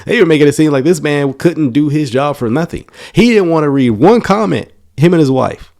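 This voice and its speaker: Mellow-voiced man reading and commenting. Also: on the high side, expressive, brisk, gravelly. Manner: casual, emphatic, stumbles and restarts words. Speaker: YouTube commentator. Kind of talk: reading an article aloud with commentary.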